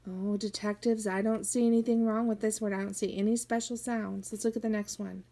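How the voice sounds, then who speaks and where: A woman teaching phonics to young children, sounding out each word slowly and coaxing them to follow along. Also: medium pitch, flat delivery, mellow. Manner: slow, drawn-out sounding-out of words; coaxing, encouraging teacher talk. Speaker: kindergarten teacher.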